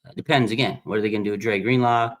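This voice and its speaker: A man hosting a casual fan livestream, reading viewer comments and chatting in a relaxed, thinking-aloud way. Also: lowish voice, very fast. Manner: laid-back, thinking aloud with fillers. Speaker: livestream host.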